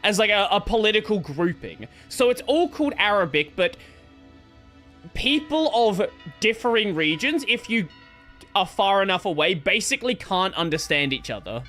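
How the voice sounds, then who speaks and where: High, lively, bright-voiced man streaming. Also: normal speed, soft background music. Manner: rambling, restarts while thinking aloud. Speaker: gaming streamer. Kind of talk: casual live-stream chat.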